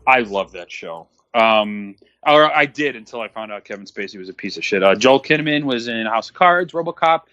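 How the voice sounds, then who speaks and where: A man's voice: fairly low pitch, lively intonation, brisk, hardly any pauses, pushed and bright, no room sound. A man co-hosting a casual movie-watching commentary show, talking bluntly and profanely with a lot of fillers. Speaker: podcast co-host. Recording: dull, muffled recording.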